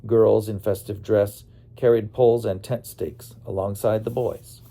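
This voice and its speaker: A man tells his memoir in a plain, storytelling delivery. His voice sits low and sounds mellow and soft-edged. The telling stays steady and unhurried in tone. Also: creaky. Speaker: narrator. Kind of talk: memoir narration.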